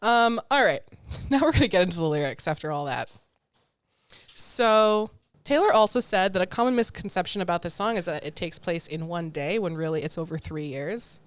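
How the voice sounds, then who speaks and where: A woman's voice: on the low side, lively intonation, moderate pace, dry recording. A young American woman co-hosting a podcast, chatting casually and laughing often. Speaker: podcast co-host. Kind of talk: casual chat.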